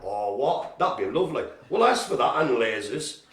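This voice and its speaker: A man hosting a community centre's live stream, giving casual, jokey shout-outs and poking fun at himself. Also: medium pitch, big pitch swings, normal speed, noisy background. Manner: chatty, jokey and self-mocking. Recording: roomy echo.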